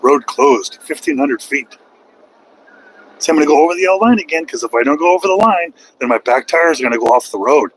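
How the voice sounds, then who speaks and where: Driving his truck, a vlogger streams live and fires back at critics with mocking sarcasm, imitating them in a whiny put-on voice. His pitch is on the high side, his intonation lively and his pace fairly quick; the recording is low quality with slight background noise.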